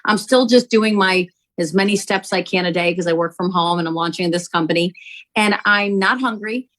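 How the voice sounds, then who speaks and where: A woman, a company founder, telling an animated testimonial story to sell her product, acting out quotes as she goes. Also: medium pitch, normal speed, low-quality recording. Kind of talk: testimonial sales pitch.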